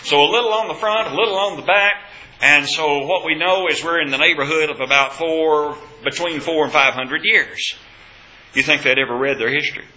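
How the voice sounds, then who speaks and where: A man's voice: a little high, fairly quick, pushed and bright, slight background noise. A man teaching a Bible class, asking questions of the group and stressing key points with emphasis. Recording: echoey, dull room recording.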